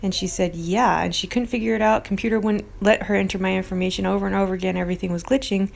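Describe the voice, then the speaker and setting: A woman's voice: medium pitch, steady tone, fast talker, gravelly. A woman hosting a casual vlog, talking in a rambling, earnest way and getting defensive toward critics. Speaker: video host.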